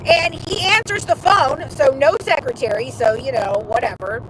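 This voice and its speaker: High-voiced woman chatting in a noisy car. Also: moderate pace. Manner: animated storytelling, mimics others, swears freely. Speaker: show host. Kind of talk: casual chat on a livestream.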